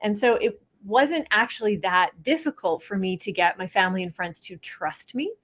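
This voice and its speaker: A woman's voice: medium pitch, animated, normal speed, fairly bright tone. A woman realtor and trainer, a guest on a podcast, telling stories in an upbeat, casual way and acting out the people she quotes. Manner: upbeat storyteller, acts out quoted people, laughs often. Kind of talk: casual interview talk.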